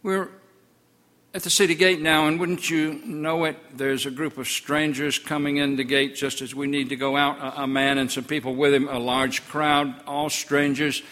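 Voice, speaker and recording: An older man voices a twelve-year-old village boy who tells of a miracle with earnest wonder. The tone is bright and forceful, and it sinks low and hushed in the sad moments. A long church reverb trails each phrase. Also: level tone, moderate pace, close to an everyday voice. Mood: grieving, awed. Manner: earnest storytelling, voice drops low in sorrowful passages. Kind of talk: first-person story sermon.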